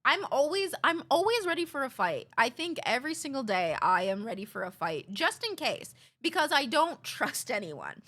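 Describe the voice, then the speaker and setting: A woman streamer telling stories in casual chat, animated and swearing freely. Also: sits high, moderate pace, hardly any pauses.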